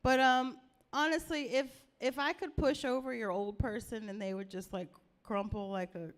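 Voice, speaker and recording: A woman's voice: a little high, steady tone, moderate pace. A woman doing casual, crude stand-up comedy with many fillers.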